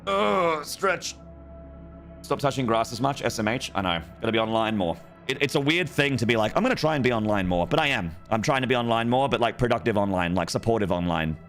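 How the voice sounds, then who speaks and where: A man's voice: lowish voice, fast talker, hardly any pauses, fairly bright tone, soft background music. A man livestreaming a game, chatting in a rambling, self-interrupting, playful way with his viewers. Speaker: streamer. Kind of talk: gaming livestream chat.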